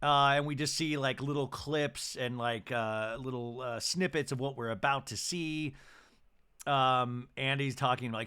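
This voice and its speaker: A podcast host campily recaps a reality show episode, full of chatty asides and fillers. His mid-range voice is smooth with a sharp tone and a measured pace.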